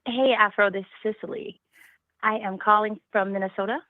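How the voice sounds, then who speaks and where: A woman's voice: medium pitch, fairly even intonation, a little fast, no echo. A woman calling in to a talk show, speaking passionately and firing off rhetorical questions. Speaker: caller. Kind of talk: call-in talk. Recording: tinny phone line.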